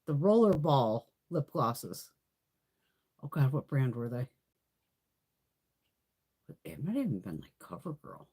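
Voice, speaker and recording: A middle-aged woman hosting a beauty livestream, telling stories in a loose, animated way, swearing freely and laughing often. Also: a bass voice, slow, pauses often, breathy edge. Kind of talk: casual chat.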